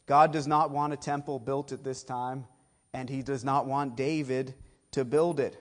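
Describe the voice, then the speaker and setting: A man's voice: medium pitch, steady tone, a little slow. A middle-aged man from south of Boston with a Boston accent, preaching a sermon emphatically with folksy asides. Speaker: pastor.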